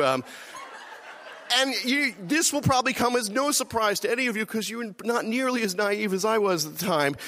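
A man's voice: sits high, sharp tone, a little hiss or hum. A middle-aged man telling a personal story to an audience, self-deprecating and laughing through it.

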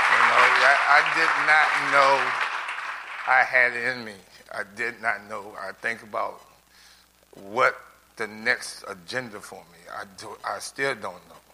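Heavy background noise surrounds this heartfelt personal testimony from a middle-aged adult learner. Speaking in a mid-range voice with vocal fry, he grows tearful and keeps starting his sentences over as he rambles on.

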